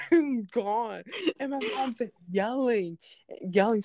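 A woman's voice: mid-range voice, slow pace, darkish tone, no echo, clean studio sound. A young woman telling a story in casual chat, laughing often and acting out the people she quotes. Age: young adult.

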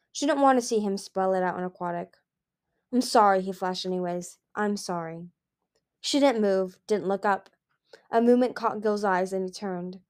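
A woman reading a fantasy novel aloud as amateur audiobook narration, in an expressive manner. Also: medium pitch. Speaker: audiobook reader.

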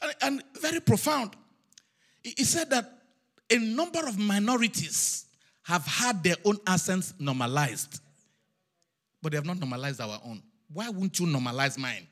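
A man with a foreign accent preaching a sermon in a sing-song cadence, repeating phrases and rising to shouted peaks. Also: high-pitched, animated, moderate pace. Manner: foreign accent of his own.

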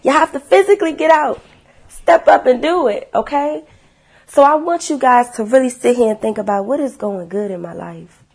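A woman sharing her life story with viewers in a casual, animated testimony, blunt and swearing freely. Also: high-pitched, normal speed, breathy edge.

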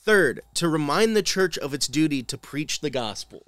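A man's voice: on the high side, lively intonation, moderate pace, crowd noise. A man co-hosting a podcast, walking through a history story point by point with a dry, wry edge. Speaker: podcast co-host. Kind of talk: casual storytelling chat.

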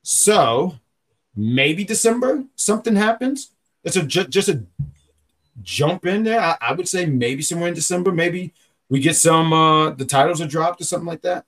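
A man's voice: fairly high pitch, expressive, normal speed, a bit bright. A man hosting a podcast in casual, rambling chat, often stopping to correct himself. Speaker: podcast host.

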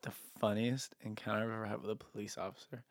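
Brief: young man, relaxed podcast guest, stop-start delivery, dry close mic. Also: fairly low pitch, no echo. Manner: halting, laid-back, trails off. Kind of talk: casual podcast chat.

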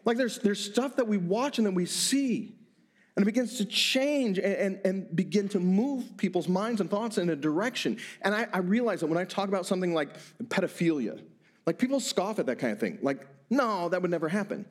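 A middle-aged man preaching a sermon as pastor, animated, stumbling over repeated words in quick bursts. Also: high voice.

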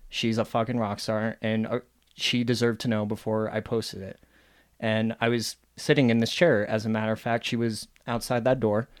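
A man's voice: mid-range voice, clear, resonant tone. Blunt, swearing young man. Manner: blunt, profane, matter-of-fact. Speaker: podcast co-host. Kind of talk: casual chat.

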